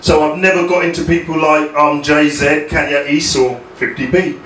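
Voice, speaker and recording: A young man from England with a South London accent doing a hesitant, deadpan stand-up set, full of ums, and talking back to hecklers. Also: on the high side, normal speed, a little hiss or hum. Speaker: stand-up comedian. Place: comedy club. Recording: echoey club from far off. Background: crowd laughter.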